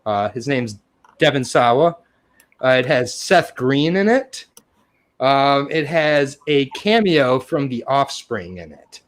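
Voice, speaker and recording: A man's voice: medium pitch, expressive, slow. A man in his thirties hosting a casual film chat, rambling with fillers, joking and swearing freely. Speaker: podcast host.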